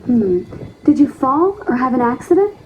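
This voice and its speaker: An actress playing a polite, attentive nurse questioning a patient in a textbook listening dialogue. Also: female voice, sits high, very animated, normal speed, a little mellow, a little hiss or hum, rough recording.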